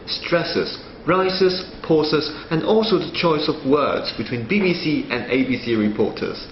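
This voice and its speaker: A male student presenter reading a scripted analysis in a measured way. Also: a little high, a little hiss or hum. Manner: reads a prepared analysis in a measured way. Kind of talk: scripted narration. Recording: roomy, slightly dull sound with faint ambience.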